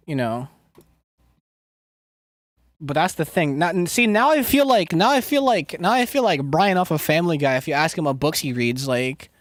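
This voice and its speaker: Man, streamer, casual rambling chat, profane, filler-heavy, somewhat high-pitched. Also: no echo. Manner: rambling, loose and profane, full of filler words. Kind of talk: casual chat, answering live chat.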